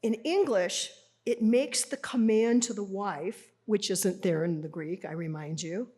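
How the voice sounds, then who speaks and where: A woman's voice: mid-range voice, unhurried, a little mellow. A middle-aged woman giving a live lecture to an audience, explaining a Bible translation in a conversational, teacherly way and putting rhetorical questions to the listeners. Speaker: speaker presenting a Bible translation.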